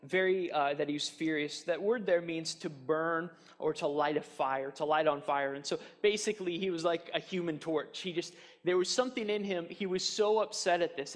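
A man's voice: on the high side, a little fast, hardly any pauses. A man preaching a sermon as pastor, earnest and emphatic, often repeating his points. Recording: long hall reverb.

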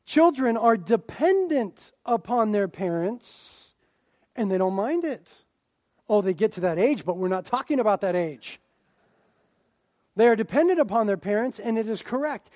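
A young man delivers a sermon in a strikingly high voice. He mixes playful asides with forceful, emphatic preaching. The sound is dry and close, with no room echo. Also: moderate pace. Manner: animated, jokey asides, rising to loud emphatic preaching. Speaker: pastor.

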